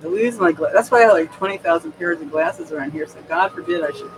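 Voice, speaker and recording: A man's voice: a little high, steady tone, fast talker, noisy background. A man from New York State, talking to his camera at home in a rambling, digressive way, with many restarts and frequent laughs. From New York State, USA. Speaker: vlogger. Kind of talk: casual rambling monologue. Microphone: camera microphone. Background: music playing.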